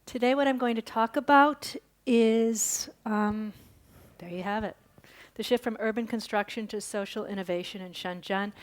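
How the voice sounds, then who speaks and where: A woman's voice: mid-range voice, fairly even intonation, normal speed. A woman giving a conference lecture, telling a story and then explaining it, with fillers and restarts. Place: lecture hall.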